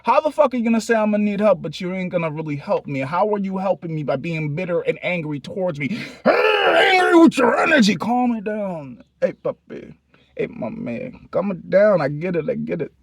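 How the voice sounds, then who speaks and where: A young man with a high, very lively voice talks straight to camera with no script. He rambles and swears, jumping from loud outbursts to low mutters, in a dry, close sound. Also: a little fast, dry recording. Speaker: vlogger. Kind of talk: unscripted monologue to camera.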